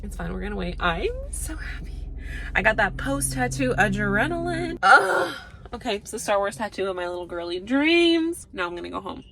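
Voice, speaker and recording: A young woman chats straight to her camera in a bubbly, rambling way, with fillers tumbling out as she goes. Her pitch sits in the middle for a woman. A faint hiss runs under the recording. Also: big pitch swings, brisk, creaky. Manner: chatty, bubbly, rambling with lots of "like". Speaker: vlogger. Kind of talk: casual chat.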